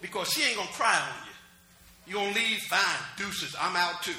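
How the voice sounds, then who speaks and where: A man's voice: high voice, big pitch swings, fairly quick, sharp tone, reverberant, a little hiss or hum. A middle-aged man preaching a sermon in a conversational style, calling out to the congregation. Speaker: pastor.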